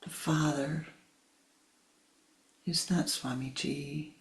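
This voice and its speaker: A man voicing a tearful young village woman confessing a lie, speaking softly and pleadingly with a gravelly edge. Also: fairly high pitch, steady tone, extremely slow, heavily acted, rough recording. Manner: soft pleading, whispery.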